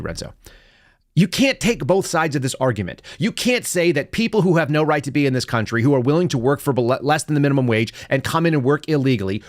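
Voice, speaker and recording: Middle-aged guy hosting a political show, sarcastic, goes from mumbly to worked up, dry close mic, mid-pitch voice. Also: no echo. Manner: animated, sarcastic, swings from low mutter to raised outbursts. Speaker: podcast host. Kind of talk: live political commentary show.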